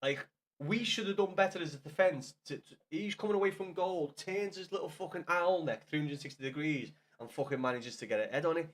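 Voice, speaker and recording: A young man chatting casually with viewers on a live gaming stream, swearing often and bantering loudly with chat. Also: fairly high pitch, fairly quick.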